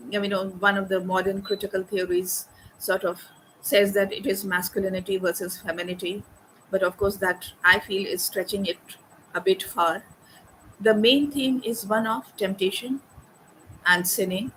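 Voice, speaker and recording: Woman, literature lecture, slow, hesitant fillers, faint background noise. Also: mid-range voice, fairly bright tone, rough recording. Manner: thoughtful, hesitant with fillers, reads quoted verse aloud. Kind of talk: academic lecture.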